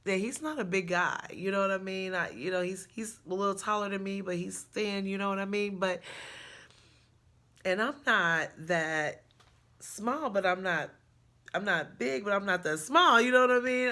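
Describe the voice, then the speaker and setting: A woman's voice: mid-range voice, sharp tone. A young woman telling a personal story in a casual, frank, chatty way, laughing often. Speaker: storyteller vlogger.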